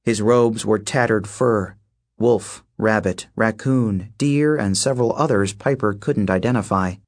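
In a voice on the low side, a man narrates an audiobook from a script, keeping his storytelling steady and measured.

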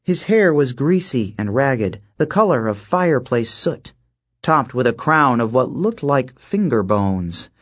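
Slow husky male audiobook narrator. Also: mid-range voice, very animated. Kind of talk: scripted narration.

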